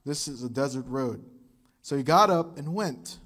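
A man preaching a sermon as pastor, telling stories in an animated way and acting out the quotes. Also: mid-range voice, moderate pace. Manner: animated storytelling with acted quotes. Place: church.

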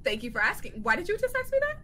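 Giggly, rambling woman teacher, very lively pitch. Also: very fast, slight background noise. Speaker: teacher and streamer. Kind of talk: casual game chat.

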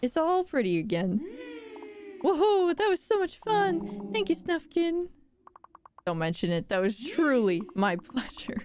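Bubbly woman streamer, lively pitch. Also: unhurried, noisy background. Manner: giggly, chatty, exclaiming. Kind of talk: casual gameplay commentary.

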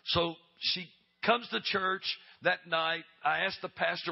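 An older man preaching at a church revival, telling a tearful story and building to shouted calls for prayer. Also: on the high side, normal speed, highs cut off. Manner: tearful, rising to shouted exhortation. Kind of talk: emotional storytelling sermon.

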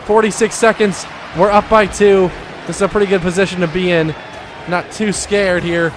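A man giving excitable commentary over his own gameplay, shouting and laughing at near misses and goals. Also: high-pitched, normal speed, noisy background. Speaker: gaming YouTuber.

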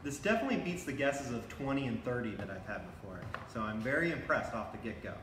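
A man's voice: medium pitch, animated, fast talker, echoey room, noisy background. A man teaching a live online cooking class for kids, upbeat and encouraging as he talks straight to the children.

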